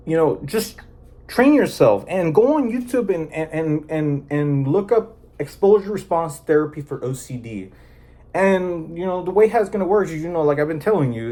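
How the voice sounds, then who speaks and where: A man's voice: on the high side, a little mellow. A man talking casually and earnestly to his viewers, rambling with many fillers and restarts. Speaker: vlogger sharing personal experience. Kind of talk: casual personal talk to camera.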